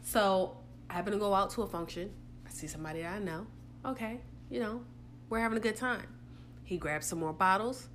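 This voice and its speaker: A young woman co-hosting a casual chat, telling a story in an animated, profane way. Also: medium pitch, fairly quick, a little hiss or hum. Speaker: podcast co-host.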